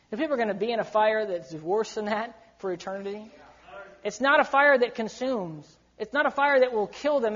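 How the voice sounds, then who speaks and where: A man whose voice sits high preaches an urgent, emphatic sermon to youth, frequently slipping into quoted voices to act out what people might say. The audio sounds dull.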